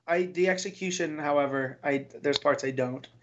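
A man co-hosting a casual comic book podcast, opinionated and wry, with halting restarts. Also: on the high side, muffled recording, a little hiss or hum. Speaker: podcast co-host.

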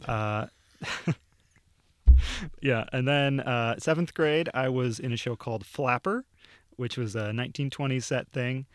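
A man's voice: medium pitch, measured pace, pauses often, no room sound. Young man, podcast guest-producer, laid-back storytelling, fillers, dry close sound. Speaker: video producer. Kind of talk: casual podcast chat. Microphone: studio microphone.

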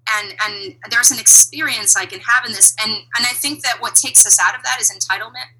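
A woman talking as an interview guest, reflective and animated, laughing now and then. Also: fairly high pitch, brisk, poor audio. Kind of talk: conversational interview.

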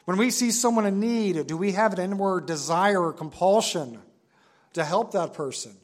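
A man preaching a sermon to his assembly, earnest and emphatic, repeating key phrases and slowing down on stressed words. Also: high voice. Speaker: pastor.

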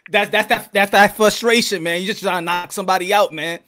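A man with a fairly high voice hosts a relaxed interview. He laughs along with his guest and keeps pushing him to tell more. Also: fairly quick. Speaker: interviewer, channel host. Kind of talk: casual interview chat.

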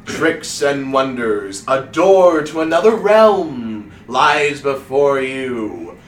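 A man voicing a grandiose male stage wizard showman, making slow, drawn-out theatrical announcements. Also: mid-range voice, sing-song, echoey room, distant mic, a little hiss or hum, voice pushed up.

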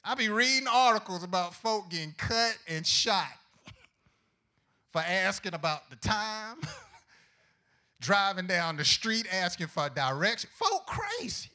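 A man's voice: high-pitched, sing-song, measured pace, bright, forceful tone. A man preaching a sermon to young people as pastor, with a folksy, humorous manner and frequent questions thrown to the congregation. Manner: folksy, humorous delivery with acted-out prayers.

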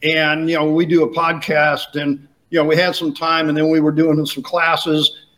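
Co-host guy w a higher voice, friendly, chatting straight to the audience. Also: completely flat delivery, moderate pace, fairly bright tone, low-quality recording. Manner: friendly, addresses listeners directly. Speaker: podcast co-host. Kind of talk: casual podcast conversation.

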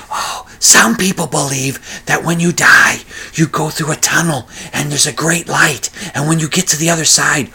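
A man's voice: on the high side, bright, forceful tone, husky, voice pushed up, heavily acted. A man mimicking movie actresses who talk at full voice while pretending to whisper, mocking them with an exaggerated stage whisper. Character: movie actresses loudly fake-whispering about the afterlife.

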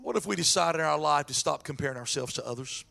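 A man delivers a lively sermon in a high, strongly gravelly voice with a bright, tense edge. He preaches with animation and slips into acted voices for the figures in the story. Faint music plays beneath him. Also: quick pace. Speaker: pastor.

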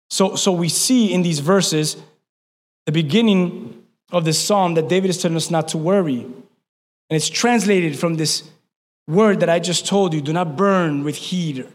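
Male pastor, high and bright-toned, lively emphatic preaching, reverberant church hall. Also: moderate pace. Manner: animated preaching, swings from loud emphatic to hushed. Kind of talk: sermon.

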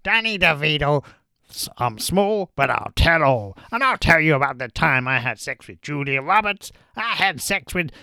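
A man's voice: a little high, big pitch swings, moderate pace, gravelly, pushed and bright, no room sound, clean studio sound, voice pushed up, heavily acted. A man putting on a boastful, crude older male film star, rambling as he brags. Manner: brash, rambling bragging.

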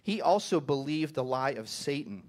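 A man's voice: on the high side, expressive, moderate pace, a little mellow. A man preaching a sermon to his congregation. He often repeats the first words of a phrase and keeps asking "right?". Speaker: pastor.

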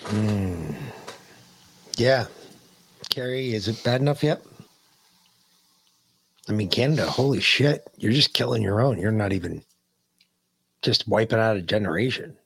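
A man's voice: lowish voice, expressive, unhurried, creaky, pauses often, a bit bright, breathy edge. A male podcast host in profane casual banter, crude and emphatic. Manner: crude, emphatic, swears a lot.

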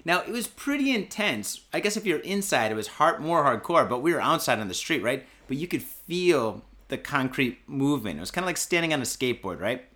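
A podcast host telling a casual story, excitable and profane, with lots of filler words. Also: male voice, on the high side, brisk, few pauses. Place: podcast studio.

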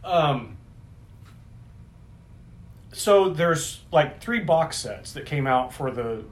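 A middle-aged man talking casually over beers, his voice rising and falling with lively swings in pitch. He wanders through his thoughts, corrects himself mid-sentence, and swears freely. His voice sits a touch higher than most men's. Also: extremely slow. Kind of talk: casual chat.

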